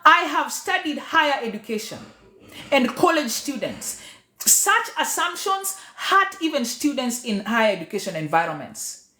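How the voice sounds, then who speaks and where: A woman who is a teacher, public speaker and MC talks passionately to her followers, emphatic and preacher-like, moving between loud and quiet. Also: high-pitched, big pitch swings, normal speed. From Kenya. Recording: echoey room.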